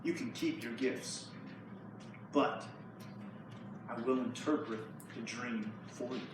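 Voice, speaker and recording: A man playing a calm, stern old prophet who speaks in a grave, quiet way. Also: fairly high pitch, normal speed, noisy background, close to an everyday voice. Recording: echoey hall from far off.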